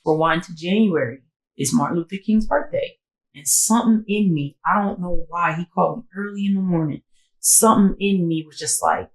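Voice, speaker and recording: A young woman co-hosting a podcast, telling a personal story in a slangy, candid way and jumping higher in pitch when she quotes people. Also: normal speed, reverberant, poor audio. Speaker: podcast co-host. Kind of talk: casual storytelling.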